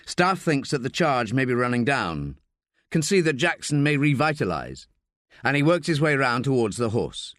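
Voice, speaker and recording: A man's voice: mid-range voice, very animated, normal speed, no room sound, clean studio sound. A man narrating a tense thriller audiobook in a dramatic reading style. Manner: dramatic, voices shouted dialogue.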